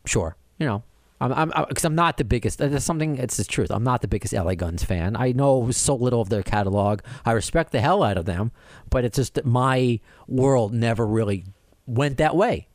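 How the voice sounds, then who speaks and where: In casual podcast chat, a middle-aged male host spins a meandering story at normal speed and medium pitch, restarting often and acting out quoted dialogue with animation. There's no echo.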